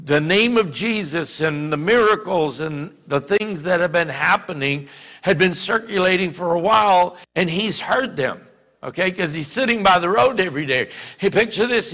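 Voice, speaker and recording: A man with a Louisiana accent preaching a sermon as pastor, talking conversationally with many restarts and rising to shouts. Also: sits high, in a large hall.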